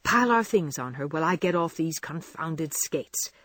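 A woman voicing a quick-acting teenage boy who gives urgent commands, in an audiobook reading. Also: low voice, animated, fairly bright tone, no room sound, studio quality. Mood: brisk.

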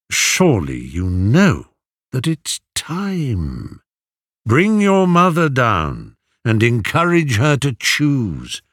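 A man voicing an older male suitor in a storybook who speaks with smooth, mocking politeness. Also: mid-range voice, fairly bright tone, dry recording, clean studio sound, full character voice. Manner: drawling, mock-polite.

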